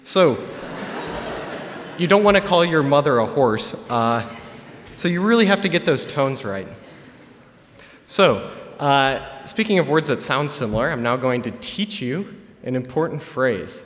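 A young man giving a relaxed, chatty presentation to a live audience, with plenty of filler words. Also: medium pitch, a little slow, pauses often. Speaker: student presenter. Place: large hall with an audience. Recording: long hall reverb.

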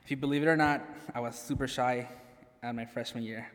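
A man's voice: mid-range voice, fairly even intonation, fairly quick. A young man, a graduating student, giving a personal speech to an audience; he is nervous, laughs at himself often and says "like" a lot. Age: young adult. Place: large hall. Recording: hall reverb.

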